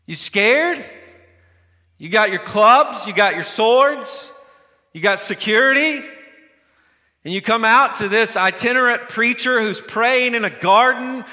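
A man's voice: a little high, a little slow, bright, forceful tone. A man voicing a stern adult male teacher who mocks and scolds armed men with sarcasm, in a long reverberating hall. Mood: mocking. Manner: sarcastic, mocking taunts.

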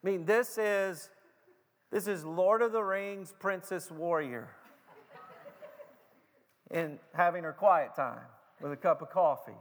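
A man with a high voice delivers a sermon, his speech slow and deliberate, with stammered starts and heavy emphasis on key phrases. The long reverb of a large hall trails behind each line. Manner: emphatic preaching with repeated stutters and slowed, stressed phrases. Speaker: pastor.

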